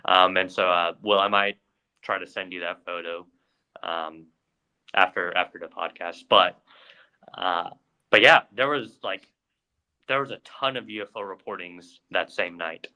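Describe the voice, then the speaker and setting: A man's voice: sits low, measured pace, sharp tone, low-quality recording. A man co-hosting a podcast, telling a story in casual chat with lots of fillers and restarts. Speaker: podcast co-host.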